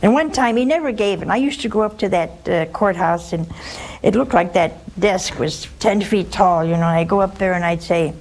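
A woman's voice: medium pitch, normal speed, darkish tone. An older woman, a nun, giving a spiritual talk with personal stories, plain-spoken and speaking straight to her listeners. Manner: plain-spoken, storytelling, addresses listeners directly.

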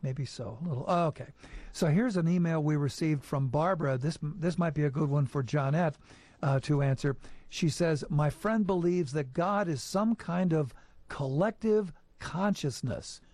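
A man's voice: fairly high pitch, moderate pace, darkish tone, dry recording. A man hosting a radio talk show, reading listener emails and giving friendly sign-offs. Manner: friendly, short affirmations, reads messages aloud.

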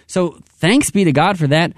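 A man hosts a radio pledge drive in an upbeat, urging way, and he slows right down whenever he repeats the phone number. His voice sits high for a man, and the sound is dry and close with no room around it. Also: no echo. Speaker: radio fundraiser host. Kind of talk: on-air pledge drive appeal. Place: radio studio.

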